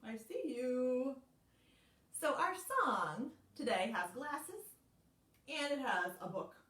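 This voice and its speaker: A woman librarian leading a children's storytime, slow, animated and encouraging. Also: high voice. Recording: roomy sound, mic at a distance.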